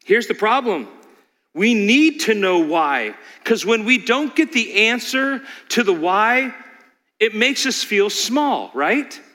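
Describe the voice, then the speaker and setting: A man's voice: high voice, very animated, slow pace, pushed and bright. A man preaching a dramatic sermon, asking the congregation rhetorical questions. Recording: long hall reverb.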